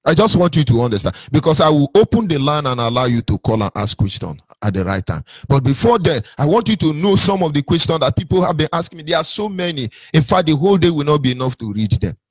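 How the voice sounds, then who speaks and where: Husky, preaching Nigerian man. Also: on the high side, sing-song, quick pace, hardly any pauses, no room sound, studio quality. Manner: preaching, rhetorical questions, repeats for emphasis. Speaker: movement speaker on a call-in line. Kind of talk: impassioned address to listeners.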